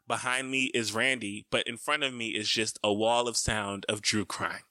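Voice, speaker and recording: A man's voice: fairly low pitch, steady tone, moderate pace, sharp tone, no room sound. A young man co-hosting a casual chat, animatedly acting out his own lines as he tells a story. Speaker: podcast co-host.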